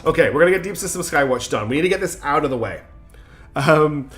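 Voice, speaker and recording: A man with a mixed British accent that carries Scottish and Australian traces. He gives live game commentary, thinking aloud with many fillers. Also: mid-range voice. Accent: mixed British English with Scottish and Australian traces. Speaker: streamer.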